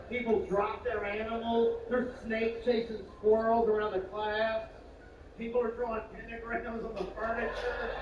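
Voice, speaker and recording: A man telling a stand-up story with lots of energy. He swings from hushed asides to loud bursts and uses slang and swearing. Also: very high-pitched. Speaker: stand-up comedian. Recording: roomy, distant, muffled, with clear background noise.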